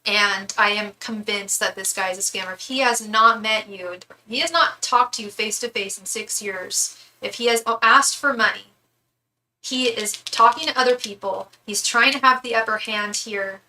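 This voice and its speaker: A woman's voice: medium pitch, normal speed, sharp tone, slight background noise, poor audio. A young woman doing a live tarot reading, chatty and candid, swearing freely and restarting her sentences often. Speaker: tarot reader.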